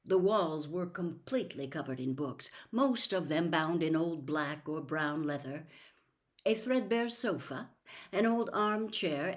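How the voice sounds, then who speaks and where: Slow, deliberate female audiobook narrator, lower pitch. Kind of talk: audiobook reading.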